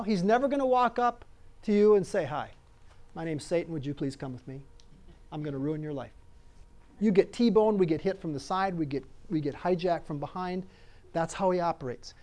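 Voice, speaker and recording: A pastor preaching a conversational sermon, emphatic and repeating phrases as he asks his listeners "all right?". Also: sits high.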